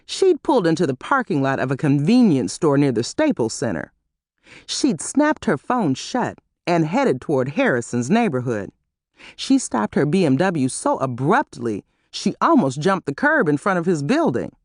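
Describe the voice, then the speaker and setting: A woman narrating an audiobook in an expressive, animated reading style on a close mic. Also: low voice, no echo.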